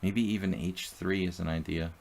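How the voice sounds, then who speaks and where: Low-voiced man thinking aloud over chess. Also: steady tone, moderate pace, gravelly, darkish tone. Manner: thinks aloud about moves and chats with viewers. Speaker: chess streamer. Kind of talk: live chess commentary.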